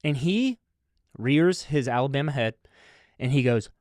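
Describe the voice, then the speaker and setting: A man hosting a comedy podcast, telling a rambling story with deadpan, mock-serious asides. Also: medium pitch, normal speed, pauses often, no room sound, clean studio sound. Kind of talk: comic storytelling.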